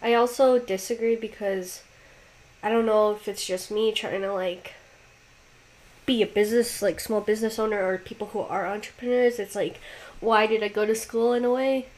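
A woman's voice: medium pitch, steady tone, moderate pace, a little mellow. A woman in her twenties co-hosting a casual podcast, teasing and laughing easily. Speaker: podcast co-host. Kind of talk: casual chat.

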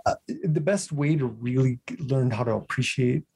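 Man, gravelly, raspy, reflective casual talk. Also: medium pitch, moderate pace, a little mellow. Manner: reflective, musing, laughs easily. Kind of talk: casual conversation.

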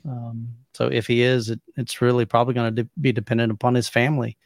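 A man's voice: medium pitch, little pitch movement, quick pace, vocal fry, dry recording, clean studio sound. A man co-hosting a podcast in casual chat, easygoing and often tacking on "man". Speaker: podcast co-host.

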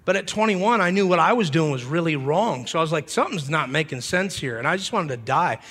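A man preaching a humorous revival sermon, animated and often leaping into shouts. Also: a little high, quick pace. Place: church hall. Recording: long hall reverb.

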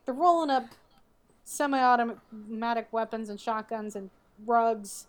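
A woman's voice: a little high, measured pace. A woman co-hosting a podcast, casually recapping a show with wry asides. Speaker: podcast co-host. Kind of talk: casual chat.

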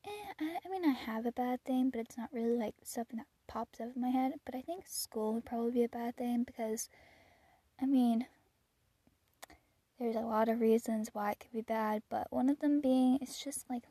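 Chatty teenage girl, husky and mellow. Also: fairly high pitch, steady tone, normal speed, no echo. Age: teens. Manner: rambling, chatty, with frequent fillers and soft laughs. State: a little out of breath. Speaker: podcast host. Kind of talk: casual personal chat.

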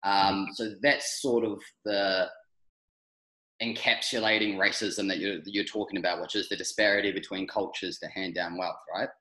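A man's voice: low-pitched, fairly even intonation, normal speed, bright, forceful tone, echoey room, low-quality recording. A man hosting a podcast interview, asking questions in a thoughtful, hesitant way. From New Zealand. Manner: thoughtful, hesitant, many ums. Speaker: podcast host.

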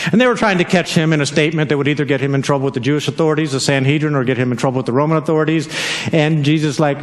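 A man preaching a lively sermon, telling stories and acting out the voices in them. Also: fast talker, in a large hall. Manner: animated storytelling, acts out voices, jumps between high and low pitch. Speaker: pastor.

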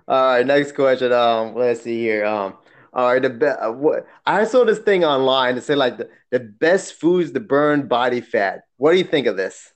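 A man's voice: medium pitch, normal speed. A man co-hosting a casual chat, telling stories with frequent laughter. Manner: laughing often, animated storytelling.

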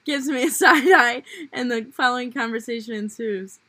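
A young woman co-hosting a podcast, reading a story aloud and chatting in a lively, jokey way. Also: a little high, normal speed. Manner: lively, jokey, laughs often. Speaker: podcast co-host.

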